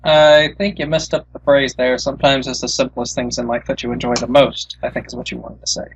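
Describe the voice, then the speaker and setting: A young man chatting as a guest, giving blunt, deadpan retorts. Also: mid-range voice, brisk, highs cut off, a little hiss or hum. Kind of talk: casual chat.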